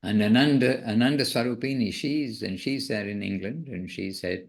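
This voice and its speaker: A man who is a spiritual teacher, giving an informal devotional talk in a musing, gently self-correcting way. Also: on the low side, normal speed, gravelly.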